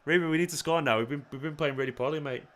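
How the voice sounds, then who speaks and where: A man's voice: fairly high pitch, very fast. A young man, chatting live at home on a streaming mic while he hosts a football watchalong. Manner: chatty, animated, switches to soft baby talk with his son. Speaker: watchalong host. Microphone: desk streaming mic.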